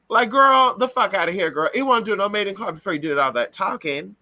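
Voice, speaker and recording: A man chats with his viewers in a sassy, profane gossip style. His voice sits a little high and comes out bright and sharp. His pitch jumps around lively as he acts out every moment of the story. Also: brisk, few pauses. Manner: does shrill high voices for birds and people in stories. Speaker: livestream host. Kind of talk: casual gossip chat.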